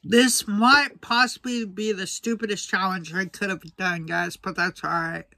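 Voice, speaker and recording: Young man, high bright voice, slow talk, dry close sound, spice-burned, sighing. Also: fairly even intonation, no echo. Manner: slow, breathy sighs between short remarks, repeats "guys". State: mouth burning from spicy food. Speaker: food vlogger. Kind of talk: casual vlog talk to camera.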